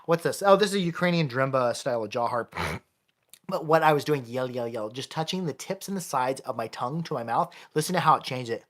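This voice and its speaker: A man's voice: medium pitch, expressive, brisk, fairly bright tone, a little hiss or hum. A man, a jaw harp player and maker, giving a casual live-streamed lesson and often restarting his sentences. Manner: casual, chatty, with frequent restarts.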